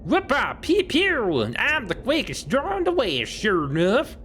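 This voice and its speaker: A man's voice: extremely high pitch, huge pitch swings, a little slow, a bit bright, a little hiss or hum, pitched above the performer's own voice, full character voice. A man voicing a cheerful old-timer cowboy with drawling, folksy western talk. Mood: boastful.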